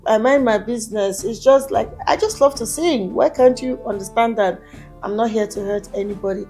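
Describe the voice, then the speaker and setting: This is a woman, a singer, speaking candidly as an interview guest. Her voice sits a little high, and she tells her stories animatedly, slipping into other people's voices whenever she quotes them. Soft music plays faintly beneath her. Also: normal speed.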